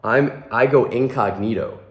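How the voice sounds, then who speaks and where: A man's voice: medium pitch, a little slow, echoey room, natural voice. A man voicing a brave, boastful little male kitten who fancies himself a great sword fighter, in a storybook reading. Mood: proud. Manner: boastful, sprinkles in Spanish words.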